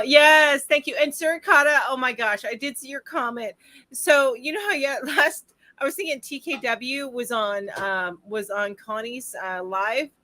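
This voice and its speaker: A woman co-hosting a casual crochet livestream over a video call, chatty and quick to laugh. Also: a little high, pushed and bright, no echo. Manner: bubbly, laughs often, chatty asides.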